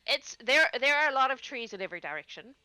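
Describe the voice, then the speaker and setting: A woman's voice: sits high, big pitch swings, quick pace, a crowd in the background. A woman running a tabletop game as game master, chatty and laughing, sometimes searching for words.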